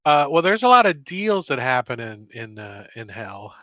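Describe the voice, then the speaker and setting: A man running a tabletop game as dungeon master, narrating in a relaxed, rambling way. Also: medium pitch, moderate pace, no echo, dull audio.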